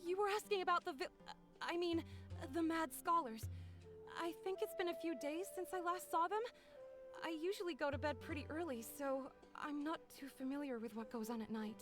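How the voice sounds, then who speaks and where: A woman voicing a high, flustered village woman. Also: fairly quick, lightly acted. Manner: stammering and flustered, then chatty and sympathetic. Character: shy, kindly village woman, easily flustered. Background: game music.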